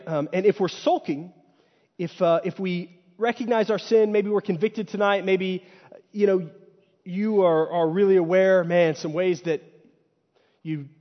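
A man preaching a sermon in a conversational way. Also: sits high. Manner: conversational, acts out quoted inner voices. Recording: dull lo-fi sound with long hall reverb.

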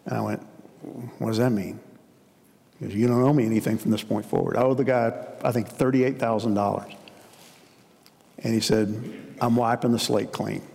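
A man's voice: fairly low pitch, fairly even intonation, moderate pace, creaky, long pauses, warm tone. Man preaching in a reverberant hall. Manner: storytelling, conversational preaching. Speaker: pastor. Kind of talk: sermon.

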